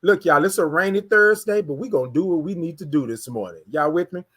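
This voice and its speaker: A man from Houston hosting a casual morning livestream, greeting viewers and hyping up the chat. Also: on the high side. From Houston, Texas. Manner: energetic, hypes the chat, drawn-out sung greetings. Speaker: livestream morning show host.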